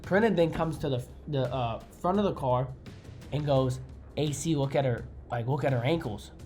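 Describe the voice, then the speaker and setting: Young dude ranting a storytime vlog, swears a lot, normal pitch, faint music behind. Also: male voice, moderate pace. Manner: profane, excitable, mimics crash sounds. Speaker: vlogger. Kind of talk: casual storytime.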